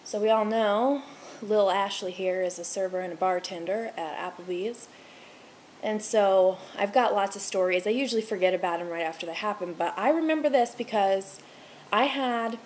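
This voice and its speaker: A young restaurant server in her twenties rants heatedly to camera from home, rambling and swearing freely while a TV plays in the room. She speaks at medium pitch with a slightly mellow quality, over a little hiss or hum.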